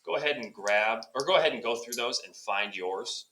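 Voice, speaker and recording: A male teacher giving brisk step-by-step classroom instructions, lightly joking. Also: mid-range voice, animated, pushed and bright, slight background noise, low-quality recording. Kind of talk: classroom instructions recorded for a substitute.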